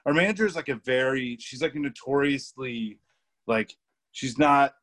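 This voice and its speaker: A young man chatting as a podcast guest, his voice sitting in an ordinary middle pitch. He rambles loosely, stacking fillers, laughing mid-sentence and swearing casually as he tells stories. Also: normal speed, fairly bright tone. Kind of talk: casual storytelling chat.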